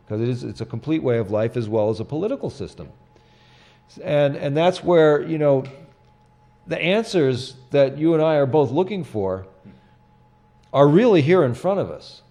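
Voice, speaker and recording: A middle-aged man hosting a talk show, speaking in a halting way with lots of repeated words and "you know"s. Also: mid-range voice, mellow. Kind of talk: casual chat.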